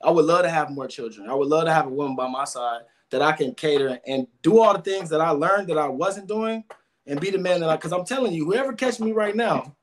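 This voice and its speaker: A man's voice: fairly high pitch, brisk. A man guest giving emotional, rambling interview answers, often repeating words.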